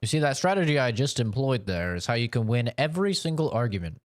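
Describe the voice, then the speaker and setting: A man's voice: medium pitch, big pitch swings, fast, no room sound, studio quality. A young man streaming a game, giving mock-serious life advice in a joking, preachy way. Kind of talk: casual gameplay commentary.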